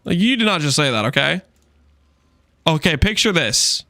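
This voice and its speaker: A man's voice: high voice, sing-song, moderate pace, pushed and bright, no room sound, clean studio sound. A young man live-streaming a game, telling stories theatrically and tacking "okay?" onto his points. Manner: theatrical storyteller, repeats "okay?" for emphasis. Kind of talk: casual live-stream chat.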